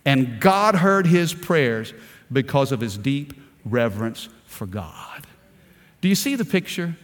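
A man's voice: mid-range voice, big pitch swings, slow pace, big-room sound. A male pastor preaching a sermon with passion, calling on the congregation to respond and often stammering as he restarts phrases. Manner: impassioned preaching with call-and-response prompts.

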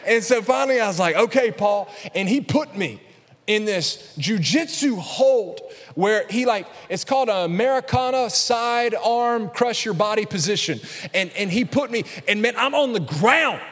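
A man's voice: sits high, moderate pace, long reverb tail. A pastor in his thirties preaching a sermon in a church, telling a story with jokes and acting out the quotes. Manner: storytelling, joking, animated with acted-out quotes. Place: church sanctuary.

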